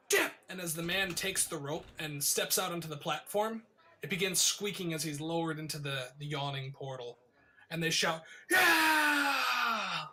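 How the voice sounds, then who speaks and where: Bright-voiced male game master. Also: a little high. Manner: vivid, descriptive narration with filler pauses. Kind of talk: narrating a tabletop game.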